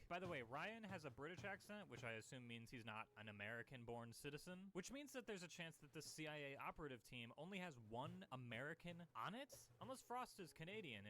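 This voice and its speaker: A man's voice: medium pitch, pushed and bright, a little hiss or hum. A young man streaming a sarcastic movie commentary, mocking the plot with rhetorical questions.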